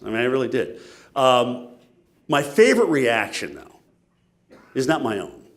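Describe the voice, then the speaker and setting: A man giving a keynote speech, telling stories in an animated, self-mocking way. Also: lowish voice. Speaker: keynote speaker.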